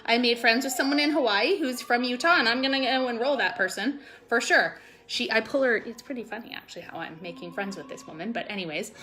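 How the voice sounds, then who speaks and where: A network marketing vlogger talks fast with few pauses, her high-ish voice carrying a sharp tone. She addresses her business team in a casual motivational vlog, gushing and rambling with plenty of "like" and "totally," at times nearly in tears.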